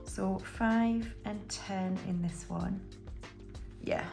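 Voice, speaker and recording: A woman, talking in a loose, chatty way as she counts money out loud for her viewers. Her voice sits at a medium pitch, with offhand asides between the numbers. Light music plays faintly underneath. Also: fairly even intonation, very slow, vocal fry. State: slightly unwell, clearing throat. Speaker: budgeting YouTuber. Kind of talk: casual chatty voiceover while counting cash.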